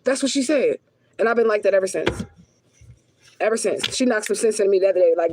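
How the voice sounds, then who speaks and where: A woman's voice: medium pitch, quick pace, pauses often, darkish tone, slight background noise. A woman spiritual reader giving a casual reading, talking in a blunt, profane way and repeating herself with heat for emphasis. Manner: emphatic, heated repetition.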